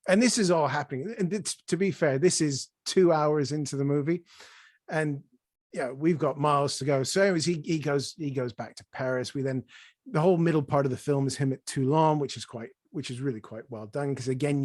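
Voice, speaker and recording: A man hosting a chat show, excitably retelling a film scene by scene and dropping his voice for effect. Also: mid-range voice, no room sound, studio quality. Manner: excitable storyteller, drops to near-whispers for effect. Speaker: podcast host. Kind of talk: enthusiastic film recap in casual chat.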